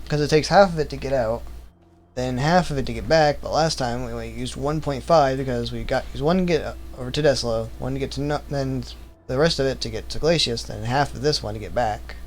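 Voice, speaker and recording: A man streaming a game, thinking aloud, rambling and correcting himself, teasingly calling his viewers his vamplings while he puts on an accent. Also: mid-range voice. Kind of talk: casual gaming commentary.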